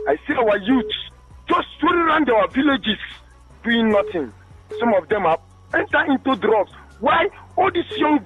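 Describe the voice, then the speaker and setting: In a rich voice note: a high-pitched Nigerian man cries out his grievances down a muffled phone line, pleading and emotional. He keeps appealing to the host as his beloved brother. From Rivers State, Nigeria. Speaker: caller. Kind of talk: call-in radio commentary. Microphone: phone call into a radio studio.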